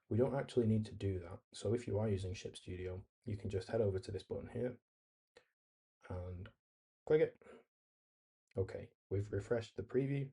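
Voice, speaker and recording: A man hosts a relaxed screen-recorded coding tutorial, thinking aloud as he types. His voice is low, very dark and mellow, with a husky edge. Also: fairly quick, pauses often. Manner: easygoing, thinks aloud while typing and reading replies. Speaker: tutorial host.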